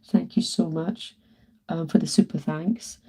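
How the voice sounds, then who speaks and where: A woman's voice: low-pitched, fairly even intonation, measured pace, warm tone, breathy edge. A woman with a British accent, chatting casually to viewers on a live stream from home while she paints, greeting and thanking them by name. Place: at home, indoors.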